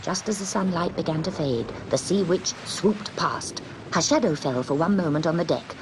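A woman reading a children's story aloud in an expressive, dramatic way. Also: fairly low pitch, moderate pace, noisy background.

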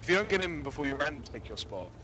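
A man's voice: a little high, sing-song, racing, a crowd in the background. A man piloting in casual gaming voice chat, hesitant and flustered, often trailing off mid-sentence. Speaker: gamer piloting a transport in voice chat.

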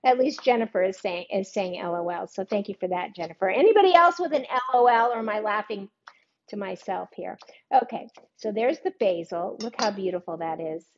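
A woman's voice: medium pitch, brisk, dull audio. An older woman hosting a live-streamed cooking demo, chatting casually, joking at her own expense and greeting viewers by name. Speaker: cooking show host.

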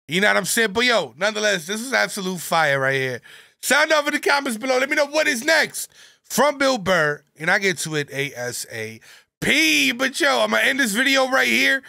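A man's voice: sits high, big pitch swings, moderate pace, creaky, bright, forceful tone, no room sound, clean studio sound. A man hosting a reaction video, commenting in a laid-back, slangy way. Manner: laid-back, slangy, with "yo" and "you know what I'm saying".

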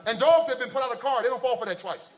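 A man from the United States doing live stand-up, telling stories in an animated, exaggerated way. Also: very high voice, very fast. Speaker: stand-up comedian. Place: stage before a live audience. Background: faint audience laughter.

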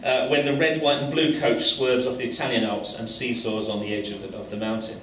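A man's voice: medium pitch, fairly quick, fairly bright tone, slight background noise. A man hosting an on-stage interview in a college lecture hall, talking hesitantly with many fillers and restarts. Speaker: interviewer, host of the talk. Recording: roomy hall from a distance.

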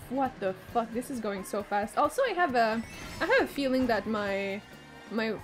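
A woman streamer giving live commentary as she plays, excitable, swearing and shrieking when things get fast. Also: on the high side. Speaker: gaming streamer.

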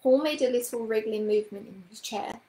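A woman reading a children's book aloud in a gentle, expressive storytelling manner. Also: a little high, fairly quick, echoey room, poor audio.

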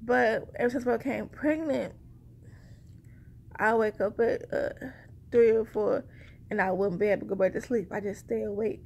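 Woman vlogger, fairly high voice with vocal fry, chatty and rambling, slightly breathless. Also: fairly even intonation, normal speed, pauses often, darkish tone. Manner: chatty, rambling, addresses viewers directly. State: short of breath. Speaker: vlogger sharing a pregnancy update. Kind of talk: casual chat to camera.

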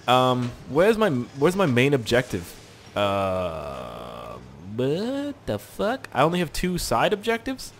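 A man's voice: mid-range voice, a little hiss or hum. A young man casually commentating a video game, goofy and joking, swearing freely. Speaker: gaming channel host. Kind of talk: casual let's play commentary.

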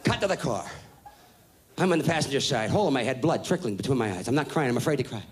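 Onstage at a live show, a male comic in his thirties delivers a foul-mouthed story quickly and brashly, with the punchlines shouted. His pitch is medium and his intonation lively.

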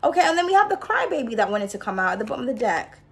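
A woman's voice: fairly high pitch, very animated, rapid-fire, creaky, slightly rough. A woman giving a casual card reading to her viewers, chatty and reassuring, often checking in with "okay?". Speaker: tarot card reader.

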